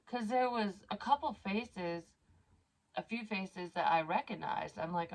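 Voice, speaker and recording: A woman's voice: mid-range voice, expressive, moderate pace. A woman telling a personal story in a casual, rambling way, blunt and full of swearing and asides. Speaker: psychic medium vlogger.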